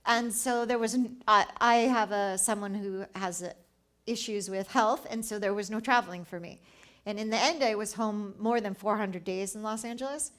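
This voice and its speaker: A woman telling personal travel stories at a live event, acting out dialogue and laughing often. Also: mid-range voice. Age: 40s. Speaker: travel writer and speaker. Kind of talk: storytelling talk at a live event.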